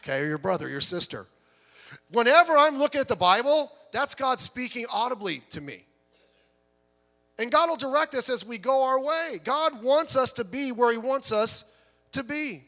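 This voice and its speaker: High, bright-voiced preacher in a reverberant hall. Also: male voice. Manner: animated storytelling preacher, jokes, quick voiced asides. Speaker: pastor. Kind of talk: sermon.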